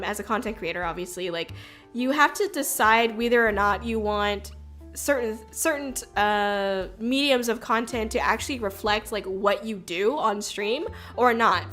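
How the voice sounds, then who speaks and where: Her voice sits a little high and a bit bright. The VTuber streamer keeps up casual chat in a meandering style, stumbling over fillers and restarts and letting a swear word slip now and then.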